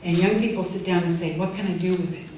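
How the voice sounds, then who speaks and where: An older woman giving a heartfelt, gently humorous farewell speech at a library event. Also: fairly low pitch, steady tone, fast talker. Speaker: farewell speaker. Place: event room. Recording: echoey hall from far off, faint noise.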